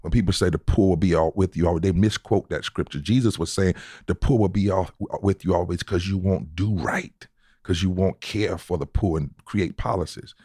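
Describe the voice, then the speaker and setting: A man's voice: deep voice, normal speed, warm tone, breathy edge, dry recording, studio quality. A man answering interview questions as a preacher, citing scripture with emphatic repetitions. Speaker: guest preacher.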